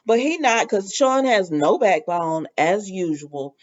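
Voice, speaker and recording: A woman's voice: medium pitch, very animated, unhurried, hardly any pauses, highs cut off. A woman hosting a casual soap opera recap, chatty and opinionated, with lots of fillers.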